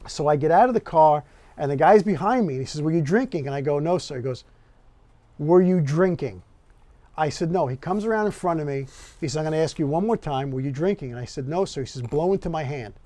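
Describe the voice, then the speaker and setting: A man's voice: a little high, quick pace, no echo. A man hosting a podcast in casual chat, telling a story with energy and acting out each voice in his anecdote. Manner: animated storyteller who acts out the dialogue. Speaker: podcast host.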